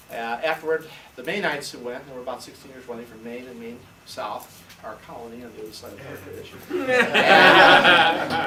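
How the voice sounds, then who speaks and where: An older man, a retired history teacher, telling long rambling anecdotes on a school tour and acting out the voices of the people in them. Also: fairly high pitch. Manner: rambling anecdotal storyteller, acts out quoted voices. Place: school classroom, indoors. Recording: roomy, distant, noisy camcorder sound.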